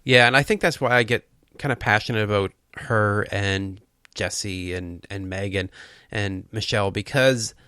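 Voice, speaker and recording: Earnest podcast guy, bright forceful voice, super dry close mic. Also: fairly low pitch, normal speed, smooth, no echo. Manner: earnest, enthusiastic, talks in bursts with restarts. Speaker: podcast co-host. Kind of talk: casual podcast chat.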